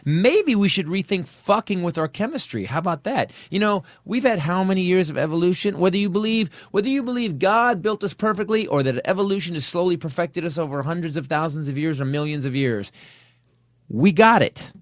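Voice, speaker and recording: A man's voice: high-pitched, expressive, brisk, dry recording, studio quality. A middle-aged man hosting a podcast, ranting with comic energy and acting out other people's voices in his stories. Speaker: podcast host. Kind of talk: comedic rant.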